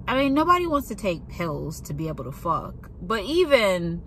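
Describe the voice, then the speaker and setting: A woman's voice: mid-range voice, very animated, normal speed, a bit bright, slight background noise. A young woman who works in a pharmacy, ranting in a blunt, profane and sarcastic way in a casual monologue. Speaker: pharmacy worker venting.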